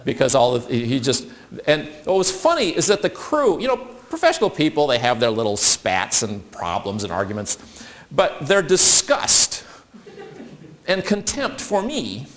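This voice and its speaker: A man's voice: a little high, sing-song, moderate pace. A man telling a funny story to an audience, acting out the voices of the people in it. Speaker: speaker.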